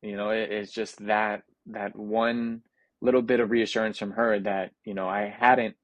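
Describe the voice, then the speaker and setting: A man's voice: lowish voice, little pitch movement, unhurried, no room sound. A young man from the United States, speaking as an interview guest in a reflective, earnest way, with frequent restarts and fillers. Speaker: interview guest, Paralympic athlete. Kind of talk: casual interview.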